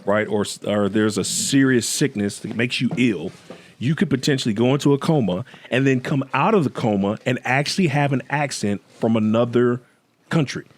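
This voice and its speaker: A man's voice: medium pitch, moderate pace. A middle-aged man hosting a casual podcast chat, playful and joking, now and then slipping into put-on accents. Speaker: podcast host.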